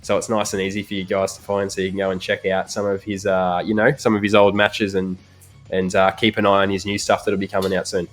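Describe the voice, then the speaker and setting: A man's voice: low-pitched, fast talker, faint music behind. Laid-back Australian man hosting. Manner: relaxed, laid-back, many fillers and "mate". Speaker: podcast host. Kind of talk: casual interview chat.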